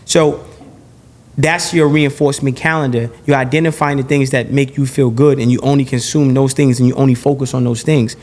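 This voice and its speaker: A man being interviewed on a podcast, talking in an animated, blunt and profane way, often repeating and restarting his phrases. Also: mid-range voice, a little fast. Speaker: podcast guest.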